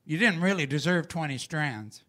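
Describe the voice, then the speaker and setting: A man voicing his gruff, cussing dairy-farmer father, who talks bluntly and fast. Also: a little high, expressive, bright, forceful tone. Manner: blunt, quick and grumbling.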